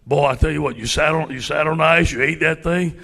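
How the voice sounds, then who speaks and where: A man in his sixties with a gravelly, husky voice, telling animated stories as a guest speaker on a handheld mic. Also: on the high side, fast. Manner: animated storyteller, acts out loud exclamations. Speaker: football coach guest speaker. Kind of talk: storytelling at a club luncheon.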